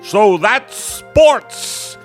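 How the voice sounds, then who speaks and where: A man's voice: high voice, lively intonation, extremely slow, soft background music, full character voice. A man improvising a manic, cackling male newscaster at the end of the world. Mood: deadpan manic. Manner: manic, cackling, swings loud and soft. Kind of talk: improvised comedy bit.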